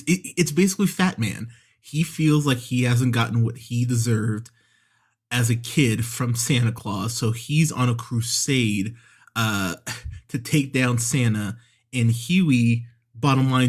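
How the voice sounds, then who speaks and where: A man hosting a movie podcast, reviewing an episode in a casual, chatty way with frequent laughs and fillers. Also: mid-range voice. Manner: chatty, laughs often, many fillers and restarts.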